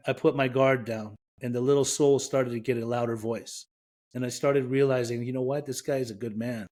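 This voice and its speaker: A man from Iran, a podcast guest, frankly and reflectively telling his own recovery story with self-mocking humor. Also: mid-range voice.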